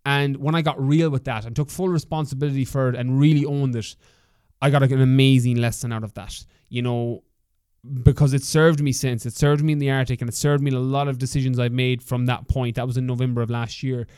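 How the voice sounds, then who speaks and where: Candid Irish man, smooth warm voice. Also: mid-range voice, steady tone, a little fast, no room sound, clean studio sound. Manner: candid, swears freely, coaching tone. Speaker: podcast host. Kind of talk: motivational solo podcast talk.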